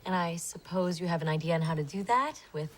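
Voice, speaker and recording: A woman's voice: fairly low pitch, fast talker, a little hiss or hum, natural voice. A woman acting a sarcastic, dry-witted girlfriend in a sitcom.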